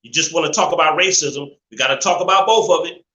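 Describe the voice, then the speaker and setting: Man ranting preachily, bright and echoey. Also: on the high side, quick pace. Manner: preachy, repetitive, emphatic, swears freely. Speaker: live show host. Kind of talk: ranting live-stream monologue. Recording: roomy echo.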